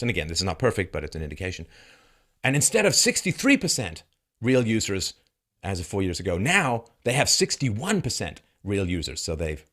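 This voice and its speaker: A man giving solo political commentary in a sarcastic, mocking way, laughing often and putting on voices for the people he quotes. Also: low voice.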